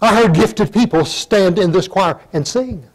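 An older man giving a sermon, reading scripture in old-fashioned wording and breaking into sudden loud emphatic rises. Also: high-pitched, a little slow, rough recording. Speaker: pastor.

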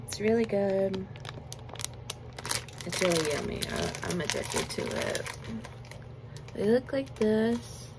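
A woman's voice: medium pitch, huge pitch swings, slow, pauses often, heavy background noise. A young woman in a casual eating vlog, chatting and giggling while she chews, recorded on a phone indoors. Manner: chatty, giggly, talks while chewing with mouth full. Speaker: mukbang vlogger.

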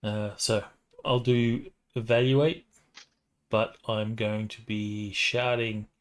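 A player at a tabletop game delivers dry, jokey remarks. The voice has a middle pitch and an easy tone. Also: little pitch movement, slow pace. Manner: wry, jokey. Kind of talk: casual tabletop game chat.

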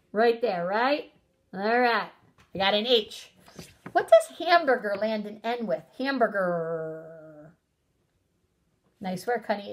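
A woman teaching a recorded phonics lesson to young children, sounding out letters slowly and praising them warmly. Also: mid-range voice. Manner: encouraging, sing-song, sounds out letters slowly. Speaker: preschool teacher.

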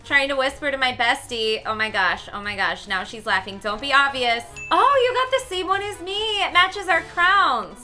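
Excitable high-voiced woman, dramatic gamer. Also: normal speed, few pauses, soft background music. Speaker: gaming channel host. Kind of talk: role-play game commentary.

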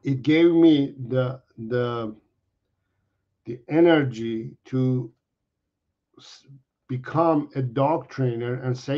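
A middle-aged man who trains dogs talks slowly and earnestly to his viewers. He repeats his points and stops and restarts his sentences, at an ordinary pitch. The audio sounds dull and lo-fi. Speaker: dog trainer. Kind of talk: explaining to viewers.

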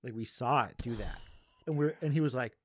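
A man's voice: mid-range voice, fairly quick. A young adult male comedian from Massachusetts who tells a podcast story casually and rambles, laughing often and asking "you know what I mean". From Massachusetts, USA. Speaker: comedian guest.

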